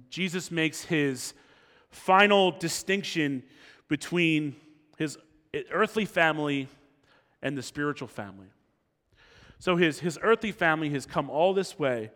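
Preacher guy going through a passage, acts out the crowd, kinda high voice, big echoey church. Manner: animated, acts out the crowd's lines, drops low and slow for quotes. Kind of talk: expository sermon. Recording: long reverb of a hall.

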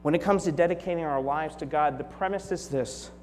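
A male pastor in his forties gives a conversational sermon in a slightly high voice. His delivery moves between upbeat storytelling and quiet, hushed reflection. The church hall adds a long reverb tail over a faint electrical hum. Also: a little fast. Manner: conversational, moves from lively storytelling to soft, hushed prayerful tones. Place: church sanctuary.

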